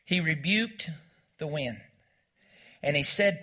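In a church, a male pastor with a high, pushed, bright voice preaches at normal speed. He repeats key lines and has the congregation echo them back in call-and-response style.

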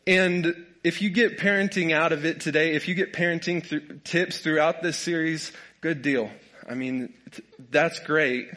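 A young man preaching to his church in a folksy, joking way. His voice sits a little higher than most men's, and he keeps laughing along with his own stories. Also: steady tone, measured pace, pushed and bright. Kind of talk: humorous sermon. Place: church sanctuary with a congregation.

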